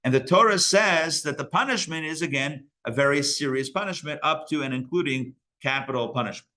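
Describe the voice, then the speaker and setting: Joking rabbi with a bright voice. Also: male voice, fairly high pitch, fairly quick. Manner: casual, joking, digressive. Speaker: rabbi teaching a class. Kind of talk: live Torah class. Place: synagogue learning center.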